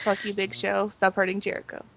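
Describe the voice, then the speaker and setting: A woman co-hosting a podcast in casual chat, dry and quick to heckle and agree. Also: mid-range voice, monotone, gravelly, fairly bright tone. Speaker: podcast co-host.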